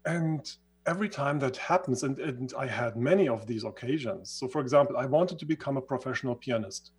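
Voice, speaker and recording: A man's voice: medium pitch, lively intonation, brisk, a little mellow, slightly rough. A man who is not a native English speaker, telling his life story in an interview, earnest and sometimes searching for words. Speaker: guest. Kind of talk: reflective storytelling in conversation.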